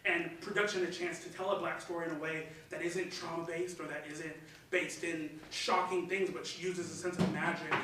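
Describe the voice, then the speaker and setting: A young composer from Michigan chats casually, rambling and dropping in plenty of fillers. His voice is on the high side with a sharp tone. The distant room mic makes the recording echoey and noisy.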